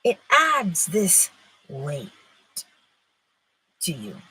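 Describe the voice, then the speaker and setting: A middle-aged woman gives an inspirational spiritual talk in a very breathy, airy voice. Her pitch sits fairly low but swings widely, and she moves between loud phrases and hushed ones. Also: wildly swooping pitch, extremely slow, low-quality recording. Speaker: spiritual teacher.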